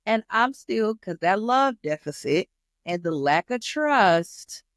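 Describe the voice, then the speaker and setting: A woman tells her own story in a candid, animated way, often turning to her listeners as "y'all". Her voice sits at a middle pitch. The recording is dry and close, with no room sound. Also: slow, no room sound. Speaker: host. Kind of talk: personal testimony.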